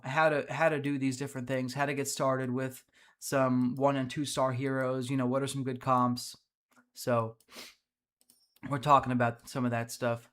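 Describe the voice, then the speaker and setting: A man's voice: medium pitch, a bit bright. A man hosting a mobile strategy game livestream, chatting casually about team builds and reading out viewer messages with easy fillers. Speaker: livestream host. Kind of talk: casual gameplay commentary.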